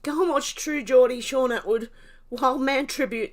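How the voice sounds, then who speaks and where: A woman's voice: sits high, normal speed. An older woman hosting a casual livestream, reading chat comments while laughing helplessly to the point of tears. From Australia. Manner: laughing helplessly, snorting, breathless giggles. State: tearful from laughing. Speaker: livestream host.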